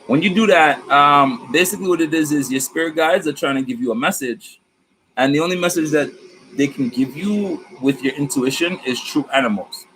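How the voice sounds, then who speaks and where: A man's voice: on the high side, normal speed, a little hiss or hum, low-quality recording. A man reading tarot on his vlog, talking casually about spirit guides with slang, swearing and a rambling manner. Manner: slangy, profane, rambling and animated. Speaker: tarot reader.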